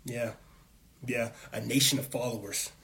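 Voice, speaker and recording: A man's voice: medium pitch, steady tone, a little slow, vocal fry, bright, forceful tone. Fired-up man ranting on his show. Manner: fired up, profane, preachy. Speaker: show host. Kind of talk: impassioned political monologue.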